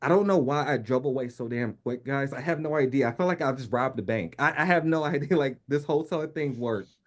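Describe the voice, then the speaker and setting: Animated New York man telling a story. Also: medium pitch, a little fast. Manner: animated, laughs often, acts out quoted speech. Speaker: podcast guest. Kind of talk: casual storytelling.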